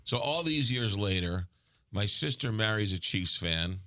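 Low, dry-voiced New York radio host. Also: male voice, lively intonation, pushed and bright, no room sound. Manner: halting, lots of ums and uhs. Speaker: radio morning show host. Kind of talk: casual on-air chat.

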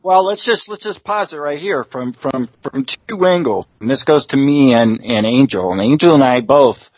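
A husky man cuts in with blunt, dismissive remarks on a casual podcast. His voice sits in the middle range. The sound is dry and lo-fi. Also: mid-range voice, animated, normal speed, a little mellow, no echo.

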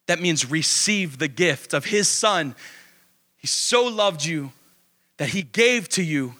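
Bright high-voiced male preacher. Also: animated. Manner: emphatic, questions and answers, drawn-out stresses. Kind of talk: sermon.

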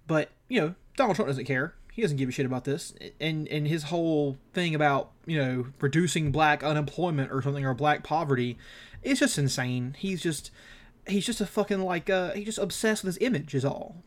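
A man's voice: a little high, brisk. A man co-hosting an amateur podcast, ranting about politics in a heated, profane, casual way. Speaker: podcast co-host.

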